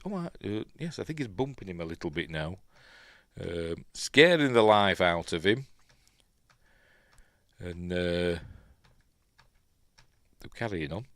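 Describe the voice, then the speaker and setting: Hosting a casual film commentary as he watches, this Yorkshire channel host rambles along, pausing with ums and correcting himself as he goes. The recording is close and dry with no reverb, and his voice sits on the lower side.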